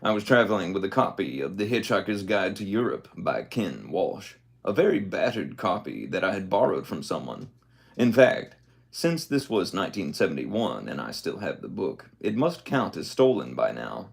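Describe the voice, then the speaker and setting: Deep gravelly man reading aloud. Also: big pitch swings, normal speed. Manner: reads aloud, then breaks off with joking comments. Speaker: reader. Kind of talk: casual book reading with asides.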